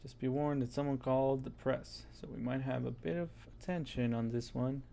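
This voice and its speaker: A man's voice: medium pitch, fairly even intonation, moderate pace, creaky, dark tone, natural voice. A man doing a stiff, polite guard with a put-on accent. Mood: formal. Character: male guard, formal and dutiful.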